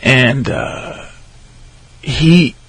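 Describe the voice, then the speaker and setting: A man telling a long story on a radio talk show, profane and animated, jumping into high shouting voices for the people he quotes. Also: extremely slow, vocal fry, slightly rough, dry recording. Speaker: guest storyteller.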